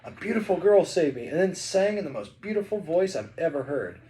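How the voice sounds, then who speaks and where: A man's voice: on the high side, very animated, brisk, dark tone. A man reading the lines of a young lovestruck prince from a storybook in close to his own voice, earnest and wistful.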